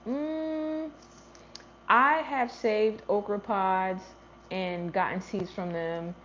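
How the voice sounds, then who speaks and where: A woman hosts a gardening livestream, chatting casually, answering viewer comments and thinking aloud, often trailing off and starting again. Her mid-range voice is steady, a bit bright and very slow. The lo-fi stream audio is slightly dull, with a little background noise.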